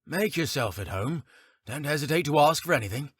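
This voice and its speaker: A man's voice: on the high side, lively intonation, brisk, breathy edge, dry recording, pitched above the performer's own voice. Man voicing a chuckling, gossipy male innkeeper. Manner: chatty, knowing, chuckling. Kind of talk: audiobook character reading.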